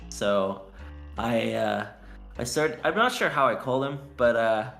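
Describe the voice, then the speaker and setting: A guest player in a tabletop game talks hesitantly through his character's actions, pausing often. Faint music plays beneath his mid-pitched voice. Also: animated, vocal fry, a bit bright. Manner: hesitant, filler-heavy.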